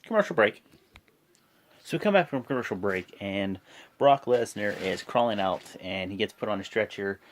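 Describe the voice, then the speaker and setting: A man's voice: fairly low pitch, expressive, moderate pace, a little hiss or hum. A man talks through events in a loose, chatty recap. His voice swings up and down a lot. He stumbles, corrects himself and jumps into quoted voices. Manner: rambling, self-correcting, acts out quotes. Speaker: wrestling show reviewer. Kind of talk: casual play-by-play recap.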